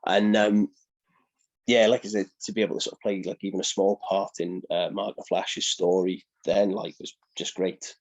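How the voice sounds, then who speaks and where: A man's voice: low voice, normal speed. Chatty Welsh man telling stories. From Newport, South Wales. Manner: animated, chatty, laughs often, keeps asking "do you know what I mean". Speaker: professional wrestler guest. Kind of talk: casual storytelling interview.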